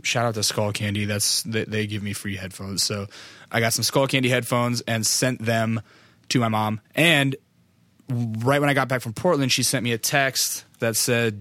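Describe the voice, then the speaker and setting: A man's voice: medium pitch, fairly bright tone, dry recording. An American man hosting a podcast, telling a long rambling story in a loose, profane, conversational way before an interview. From United States. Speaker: podcast host. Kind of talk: casual podcast monologue and interview.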